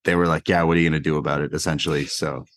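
A man co-hosting a casual podcast, telling an animated anecdote with lots of fillers. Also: extremely low pitch, racing, no echo, studio quality. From Canada. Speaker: podcast co-host. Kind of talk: casual chat, storytelling.

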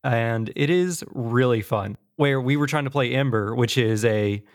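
A man's voice: medium pitch, a little slow. A man hosting a casual gaming podcast, telling stories animatedly and peppering his talk with "like". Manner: animated storytelling, mimics friends; casual, fillers like "like". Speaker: podcast host.

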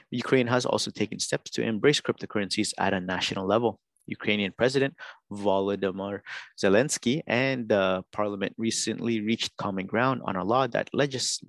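A man's voice: on the low side, vocal fry, fairly bright tone, dry recording. A man hosting a video, reading news articles aloud to his viewers in a plain delivery with occasional stumbles. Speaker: crypto news video host.

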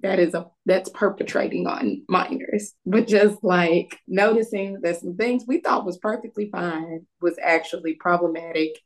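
Woman cohost, kinda low voice, thinks out loud, picks words carefully. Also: normal speed, hardly any pauses, low-quality recording. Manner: thoughtful, hedging. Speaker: podcast co-host. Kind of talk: casual chat.

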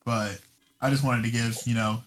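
A man co-hosting a casual music podcast talks in a loose, slangy way. He fills his sentences with "like" and "you know" and curses freely. His voice sits at an ordinary middle pitch. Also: steady tone, moderate pace, noisy background. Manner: loose, slangy, full of fillers and cursing. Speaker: podcast co-host. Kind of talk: casual chat.

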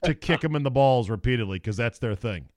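Animated, blunt podcast host, a man. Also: medium pitch, fairly quick, dry recording, clean studio sound. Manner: blunt, crude, animated, with wisecracks. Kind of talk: casual opinionated podcast monologue.

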